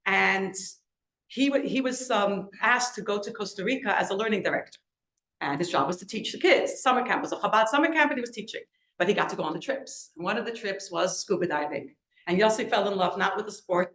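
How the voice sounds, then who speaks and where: A woman's voice: medium pitch, a bit bright, reverberant. A middle-aged woman giving a talk, telling a personal story in an earnest, conversational way with lots of "like" and "you know". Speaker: guest speaker. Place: event hall with a live audience.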